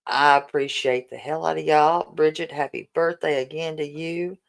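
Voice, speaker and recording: A woman in her 40s hosts a casual livestream fundraiser, chatting emotionally and thanking her viewers over and over. Her voice is deep, gravelly and steady at a normal speed, and the recording is rough.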